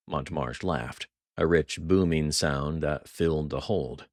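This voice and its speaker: A man with a very low voice narrates a thriller audiobook in a measured, dramatic way. The recording is close and dry. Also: no echo.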